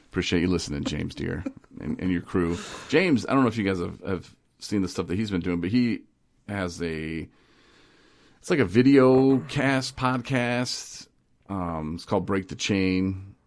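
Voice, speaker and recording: A man with a very low, deep voice hosts a casual podcast. He tells stories in an animated, lively way, laughs often and slips into other voices as he goes. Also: measured pace. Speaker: podcast host. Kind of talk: casual recovery podcast chat.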